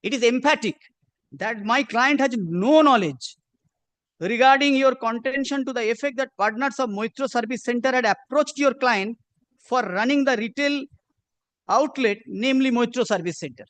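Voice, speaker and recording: A man's voice: very high-pitched, moderate pace, fairly bright tone, dry recording. A man arguing a case before a judge, insistent and formal, repeating "my lord" again and again as he points to pages. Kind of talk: courtroom legal argument. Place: courtroom.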